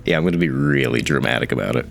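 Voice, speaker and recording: A male tabletop player with an extremely deep voice and a gravelly rasp, trading dry, wry remarks. His pitch swings widely, with faint music in the background. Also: expressive, rapid-fire. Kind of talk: tabletop role-play banter.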